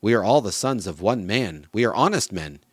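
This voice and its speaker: Man doing humble pleading brothers, low earnest voice. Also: animated, a little fast, breathy edge, no echo, clean studio sound. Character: frightened group of humble male brothers.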